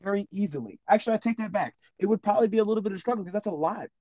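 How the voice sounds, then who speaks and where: A man with a high-pitched voice talks very fast in a dry recording with the highs cut off. He's a teacher chatting casually on a podcast, an animated storyteller who acts out classroom exchanges as he tells his stories.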